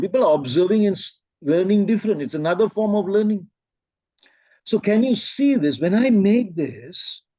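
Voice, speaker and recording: High-voiced man leading a workshop. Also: warm tone, slightly rough, no echo. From Malaysia. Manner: slow, deliberate, quizzes the audience. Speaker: presentation-skills trainer. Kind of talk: interactive workshop teaching.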